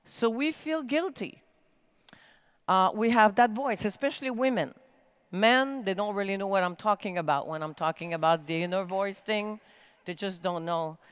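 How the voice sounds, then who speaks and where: A woman in mid-range pitch gives an energetic, emphatic keynote talk. Her pitch swings widely for emphasis. The sound is dry and close. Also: normal speed, smooth, no echo. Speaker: keynote speaker. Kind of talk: motivational stage talk. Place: conference main stage, live-streamed.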